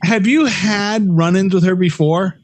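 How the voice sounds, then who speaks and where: Man co-host, somewhat high voice, jokey and laughing. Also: unhurried, a little hiss or hum. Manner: joking, laughs often. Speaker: podcast co-host. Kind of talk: casual comedic chat.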